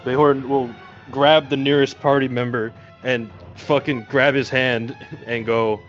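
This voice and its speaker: A man playing in a tabletop game, chatting casually with relaxed, offhand banter. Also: mid-range voice, a little slow. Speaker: player. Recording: dull lo-fi recording, faint music.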